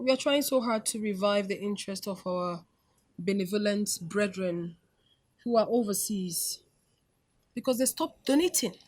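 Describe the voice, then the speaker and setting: An actress playing a composed woman president who reassures people, speaking with a Nigerian accent. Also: a little high. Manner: calm and reassuring.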